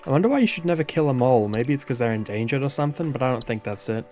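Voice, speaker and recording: A man's voice: mid-range voice, expressive, rapid-fire, warm tone. Man gaming, thinking aloud, self-deprecating, casual, faint music behind. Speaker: gamer playing a game. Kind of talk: casual gameplay commentary.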